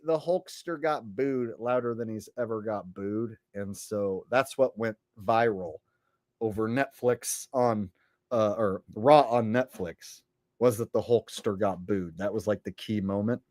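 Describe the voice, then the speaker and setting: A man's voice: fairly low pitch, a little slow, darkish tone, no echo, clean studio sound. A man hosting a casual commentary vlog, rambling in a sarcastic, profane way. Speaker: channel host.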